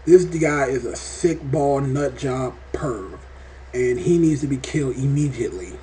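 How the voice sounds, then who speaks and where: A man reviewing a TV episode in a casual vlog, talking in an animated, rambling way and swearing often. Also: mid-range voice, measured pace, a little hiss or hum. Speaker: TV show reviewer.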